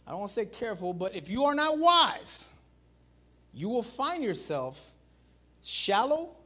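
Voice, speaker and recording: A pastor preaching a sermon in an animated way, calling out to the congregation and swinging between loud calls and low, quiet emphasis. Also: male voice, a little slow. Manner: animated preaching, repeats "watch this" and "guys".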